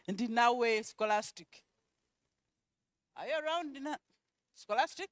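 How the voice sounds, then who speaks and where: Slow, high-voiced woman calling a roll. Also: lively intonation, dry recording. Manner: reads names slowly and repeats each one, with quiet asides between. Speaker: event presenter calling out names. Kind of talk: roll call at a conference.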